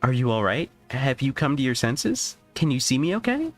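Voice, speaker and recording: A man voicing a gentle, anxious young woman who talks herself down and gushes with relief, read aloud from a game's dialogue. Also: mid-range voice, sing-song, moderate pace, soft background music, pitched above the performer's own voice, close to an everyday voice. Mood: relieved. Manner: fretful, self-deprecating, breathless gratitude. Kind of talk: reading visual novel dialogue aloud.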